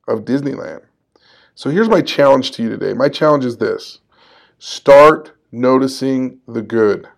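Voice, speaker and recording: A man in his forties with a middle-pitched, gravelly voice hosts a solo podcast. He talks in a conversational, upbeat way, encouraging his listeners and laughing at himself now and then. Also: darkish tone. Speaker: podcast host.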